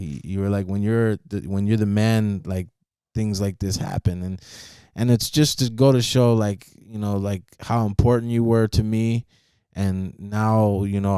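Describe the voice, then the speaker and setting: A man with a lowish, smooth, clear voice who tells a personal story in an earnest, confessional tone, often quoting what others said. He sounds close to the mic in a dry space with no echo. He speaks as a grateful former student. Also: warm tone.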